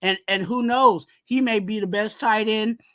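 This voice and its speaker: A man hosting a casual sports podcast who talks in an animated way, leans on "you know what I'm saying", and breaks into shouted rants. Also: high-pitched, moderate pace. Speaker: podcast host.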